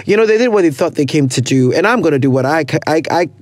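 A young Ghanaian man with a high voice hosts a podcast in a loose, playful chat. He laughs easily and drifts between English and local pidgin. The recording is dry and close, with no room sound. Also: expressive, fast talker, darkish tone, no echo. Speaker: podcast host. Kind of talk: casual chat.

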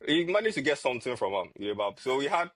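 Husky man talking football. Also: medium pitch, fast, no room sound. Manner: animated, repeats words when arguing. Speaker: podcast co-host, football fan. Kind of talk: casual football chat.

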